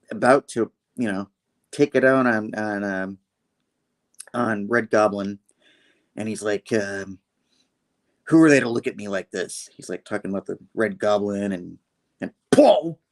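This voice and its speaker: A man co-hosting an online comic review show, recapping the plot loosely with lots of fillers over a remote call link. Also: lowish voice. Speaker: comic book reviewer and co-host.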